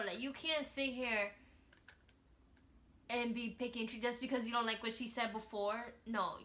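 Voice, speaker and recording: A woman's voice: fairly high pitch, bright, forceful tone. A woman talking casually to her vlog audience in an outspoken, emphatic way, with plenty of slang. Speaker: vlogger.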